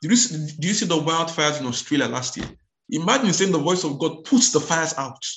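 A man preaching a sermon. He repeats words, restarts his phrases and calls out hallelujah, and he reads scripture aloud slowly and with weight. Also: a little high, expressive, a bit bright, echoey room, a little hiss or hum.

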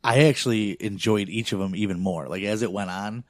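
Male, young adult, low-ish pitch, dry close mic; loose profane storyteller full of fillers. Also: fairly quick, no echo. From not from a big city. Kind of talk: casual chat.

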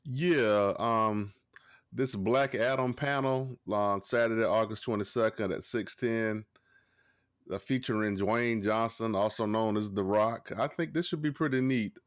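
A man's voice: on the low side, measured pace, dry recording, clean studio sound. A man with a Southern accent from Georgia, co-hosting a podcast in easygoing casual chat. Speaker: podcast co-host.

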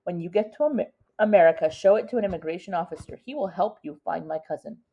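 A woman reading the part of a stern, loving mother who talks in firm, hushed tones, on a dull lo-fi recording. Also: lowish voice, quick pace. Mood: urgent, tender.

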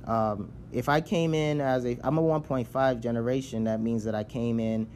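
A man's voice: medium pitch, fairly even intonation, moderate pace, darkish tone, a little hiss or hum. A man from Nigeria giving a casual explanatory talk, often checking in with "right?" and restarting his sentences. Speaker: speaker on immigrant identity.

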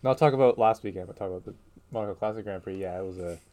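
Casual male co-host, lowish voice, hesitant and laid-back. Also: rapid-fire, warm tone. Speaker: podcast co-host. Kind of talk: casual chat.

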